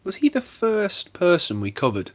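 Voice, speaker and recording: A man co-hosting a casual podcast, rambling and swearing freely as he mocks people with quick impressions. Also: sits high, huge pitch swings, no room sound. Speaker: podcast co-host. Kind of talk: casual chat.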